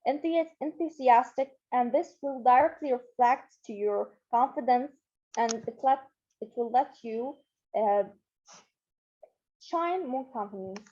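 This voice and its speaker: A woman's voice: a little high, expressive, a little slow, mellow, dull audio. A woman leading an online training lesson, talking in an encouraging way with many fillers and repeats. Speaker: Model UN trainer.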